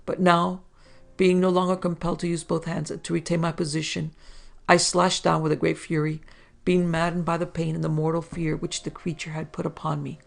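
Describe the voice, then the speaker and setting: A woman narrating a classic horror story for a podcast, reading old-fashioned prose in a steady, measured way. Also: low voice, gravelly.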